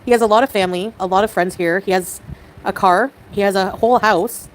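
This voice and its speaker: A woman talking casually to her livestream viewers at a middling pitch. She is excitable and laughs often, jumping quickly from one mood to another. A faint noise hums behind her. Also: low-quality recording.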